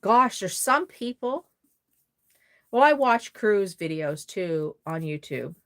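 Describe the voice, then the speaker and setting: Very animated yet unhurried, a woman with a mid-range voice runs a relaxed doll-making livestream, gushing to viewers as she works. Her accent is Cape Breton Maritime Canadian.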